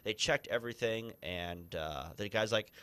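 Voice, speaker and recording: A man from Ohio hosting a casual gaming podcast, chatty and animated, acting out quotes in exaggerated voices. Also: on the low side, moderate pace, smooth. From Ohio, USA. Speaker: podcast host.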